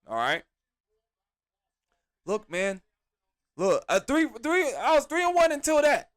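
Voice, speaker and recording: A man hosting a podcast, reviewing a wrestling show in an animated, exasperated rant full of slang. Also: very high-pitched, slow, pauses often. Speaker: podcast host.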